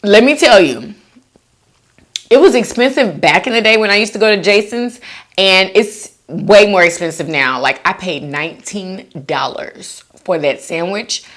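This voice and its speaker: A woman hosting a mukbang video, chatting casually to viewers while eating and reading their comments aloud. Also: measured pace. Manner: laid-back with lively swoops of pitch. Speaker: mukbang vlogger.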